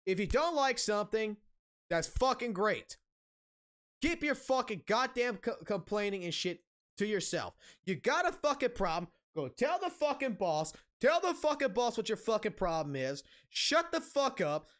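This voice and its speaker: A man's voice: high voice, big pitch swings, moderate pace, fairly bright tone. A man streaming a casual rant, angry and heavily profane, blunt, repeating himself for emphasis.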